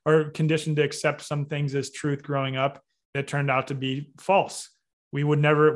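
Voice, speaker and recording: A man speaking as an interview guest, making his case in an emphatic, methodical, lecturing way. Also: on the high side. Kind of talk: interview argument.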